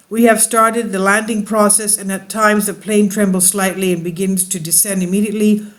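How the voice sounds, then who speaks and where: A man reading a diary aloud with slips and restarts, stopping often to explain it to his listeners. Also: high-pitched. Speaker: channel host reading and commenting.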